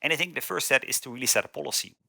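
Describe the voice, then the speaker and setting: A man's voice: mid-range voice, rapid-fire, creaky, sharp tone, no echo. Man, consulting guest, methodical step-by-step, dry close recording. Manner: structured, lists steps methodically. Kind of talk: business interview.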